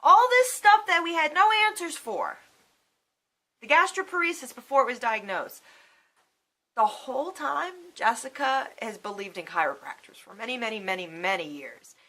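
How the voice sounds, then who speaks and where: A woman's voice: fairly high pitch, expressive, moderate pace, pushed and bright. A woman in her thirties telling a personal story to camera in a casual vlog, emotional and swearing freely. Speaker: vlogger.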